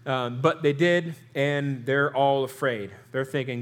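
A man's voice: medium pitch, fairly even intonation, moderate pace, few pauses. A young man preaching a Bible sermon as a pastor, conversational, with restarts and rhetorical questions.

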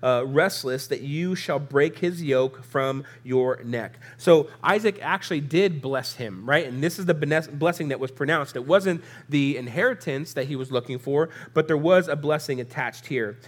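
A man with a somewhat high voice gives a sermon, reading verses and then explaining them casually. His nose is stuffy and he sniffles. He talks straight to the room in a relaxed, conversational teaching manner. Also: moderate pace, few pauses. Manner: casual, conversational Bible teaching with asides to the audience. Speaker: preacher.

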